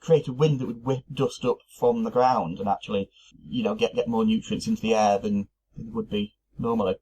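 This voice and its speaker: A man's voice: medium pitch, expressive, brisk, mellow, slightly rough, poor audio. A man co-hosting a podcast, thinking aloud casually with fillers and restarts. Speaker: podcast co-host. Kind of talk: casual chat.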